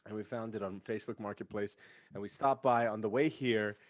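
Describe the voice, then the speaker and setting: A man's voice: fairly low pitch, a little fast, no room sound, clean studio sound. A young man guest on a casual online show, telling a rambling story full of swearing. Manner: profane, animated storyteller doing voices. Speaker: podcast guest.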